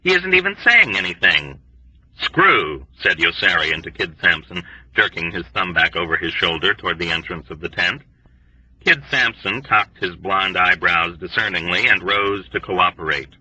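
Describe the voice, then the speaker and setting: A man narrating an audiobook in an expressive, lively storytelling manner. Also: low-pitched, moderate pace, slightly rough, no echo, far from the mic. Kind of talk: scripted narration. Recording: dry, dull lo-fi recording.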